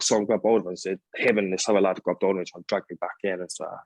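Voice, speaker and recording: Young guy, podcast guest; deep, husky, dry close sound; halting, blunt, some swearing. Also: steady tone, darkish tone, no echo. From England. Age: young adult. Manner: halting, full of fillers and restarts, blunt with swearing. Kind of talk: candid personal storytelling.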